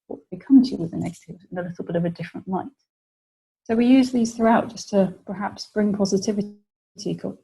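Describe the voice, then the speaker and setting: A woman's voice: medium pitch, gravelly, dark tone, slightly rough, low-quality recording. A British woman presenting a webinar lecture, explaining ideas and acting out example phrases for clients.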